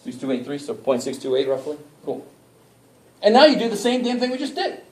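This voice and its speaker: Joking math teacher in an echoey classroom. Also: male voice, on the high side, very animated, fairly quick, darkish tone, recorded from a distance. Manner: informal and joking, mild swearing, asks the class for help. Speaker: math instructor. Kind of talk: casual classroom lecture. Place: college classroom. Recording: echoey room picked up from afar.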